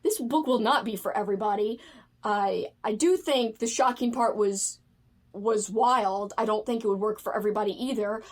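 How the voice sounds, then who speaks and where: A woman from the United States chatting casually about books, animated and gushing, with frequent fillers. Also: mid-range voice, normal speed. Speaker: book video creator. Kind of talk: casual chat.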